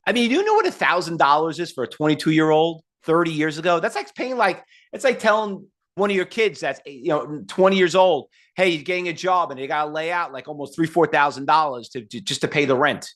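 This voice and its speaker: Fifty-something guy teaching trading live, blunt, keeps firing rhetorical questions, kinda high voice. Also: expressive, brisk, hardly any pauses, fairly bright tone. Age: 50s. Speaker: trading instructor. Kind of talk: live online seminar talk.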